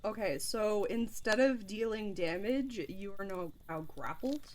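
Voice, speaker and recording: A woman's voice: mid-range voice, measured pace, a little mellow. A woman running a tabletop game as game master, chatty and laughing, with lots of fillers and restarts.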